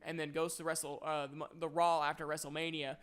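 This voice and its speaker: Bright, crisp-voiced man ranting. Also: fairly high pitch, level tone, a little fast. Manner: exasperated, scattered, heavy use of "like". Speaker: movie reviewer. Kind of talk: casual ranting review.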